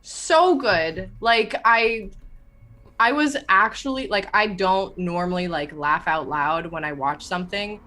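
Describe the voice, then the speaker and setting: A woman in casual chat between tabletop game sessions, excitable and rambling, swearing freely. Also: medium pitch, a little slow. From Canada.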